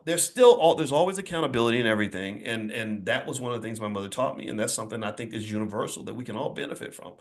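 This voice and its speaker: A man's voice: fairly high pitch, fast talker. A middle-aged man giving an emphatic, preachy motivational speech to an audience, telling stories with energy. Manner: preachy, emphatic, animated storytelling. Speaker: speaker addressing an audience.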